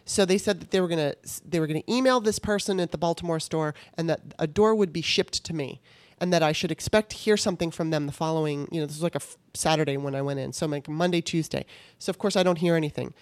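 A woman's voice: deep voice, fast talker, few pauses, no room sound. A woman hosting a casual podcast, ranting with exasperation and swearing as she retells a customer service saga. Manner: exasperated, profane, storytelling with quoted dialogue. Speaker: podcast host.

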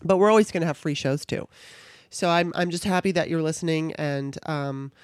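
A woman's voice: low-pitched, fairly quick, smooth, dry recording, clean studio sound. A woman hosting her own podcast, talking casually in a chatty, irreverent way and swearing now and then. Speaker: podcast host. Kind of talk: casual monologue.

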